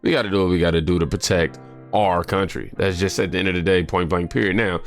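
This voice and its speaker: A man's voice: deep voice, fairly even intonation, quick pace, soft background music. A man hosting a reaction video, chatting loosely and reading posts aloud while sick and short of breath. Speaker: reaction channel host. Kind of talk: casual reaction commentary.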